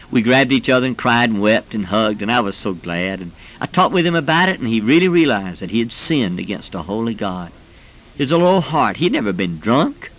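A fervent man in his forties preaches a sermon at a middle pitch. His voice climbs to emphatic peaks as he weaves personal stories into the message. He has an earnest, storytelling manner. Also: fairly bright tone, rough recording.

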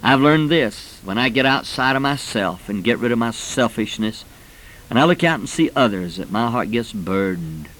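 A man's voice: mid-range voice, expressive, normal speed, fairly bright tone, rough recording. A man in his forties preaching a sermon, fervent and rising to emphatic peaks as he tells personal stories. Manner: personal storytelling.

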